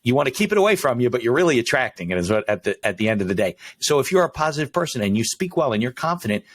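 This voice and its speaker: A man's voice: mid-range voice, sing-song, very fast, no room sound. A man hosting a podcast, chatting casually, often affirming and musing aloud. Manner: frequent short affirmations, reflective musing. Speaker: podcast host. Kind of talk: casual interview chat.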